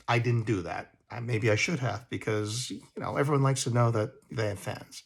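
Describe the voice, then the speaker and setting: A man's voice: fairly low pitch, fairly even intonation, brisk, vocal fry, fairly bright tone, breathy edge. Guy actor chatting to camera about old gigs, rambles a lot, jokes at his own expense. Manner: self-deprecating and rambling. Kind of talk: casual talk to camera, reminiscing.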